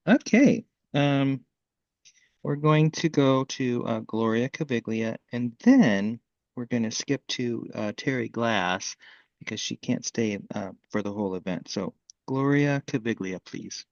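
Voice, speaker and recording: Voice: medium pitch, measured pace, darkish tone, no echo, dull audio. An event host giving casual, hesitant introductions to readers on a video call.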